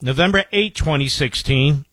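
A man's voice: fairly high pitch, normal speed, fairly bright tone, no room sound. A man hosting a talk radio show, introducing archive clips in a reflective monologue and speaking proudly of his audience.

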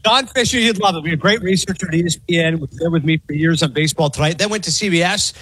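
A middle-aged man talking sports on a radio show as a guest analyst, fast and animated, acting out quotes as he goes. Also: on the high side, breathy edge, dry recording. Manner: rapid and animated, acts out quotes. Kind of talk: fast casual sports talk.

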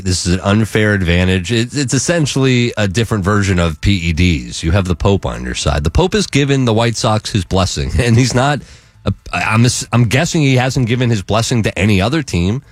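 Man, sports radio co-host, teasing rambling talk, lower voice, dry close mic. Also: lively intonation, a little fast, dry recording, soft background music. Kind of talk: casual sports radio banter. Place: radio studio. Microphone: studio mic.

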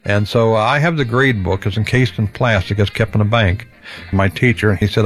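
A man's voice: lowish voice, moderate pace, faint music behind. A man in his sixties telling his own story, acting out the voices of the people in it. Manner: animated, acts out voices in his anecdotes. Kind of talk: personal storytelling.

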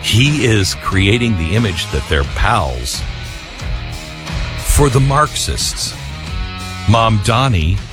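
A man's voice: fairly low pitch, very animated, slow pace, long pauses, over music. A male talk radio host giving emphatic, combative political commentary.

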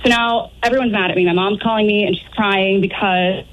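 A woman's voice: mid-range voice, fairly even intonation, brisk, highs cut off, a little hiss or hum. A woman calling in to a radio show, chatty and defensive as she tells her story. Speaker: caller. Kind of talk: casual phone-in story.

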